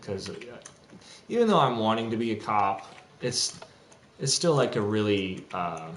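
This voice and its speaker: A man's voice: fairly low pitch, big pitch swings, unhurried. A young man ranting in an agitated, profane, rambling monologue with frequent restarts, recorded in a home room with faint typing behind. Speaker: streamer. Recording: echoey room, faint background noise.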